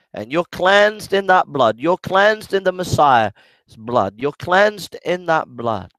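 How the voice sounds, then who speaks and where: A man preaching a fervent sermon and leading prayer, surging to shouts of praise and falling to hushed, slow lines. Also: no echo, rough recording. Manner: fervent, shouting in waves then dropping low.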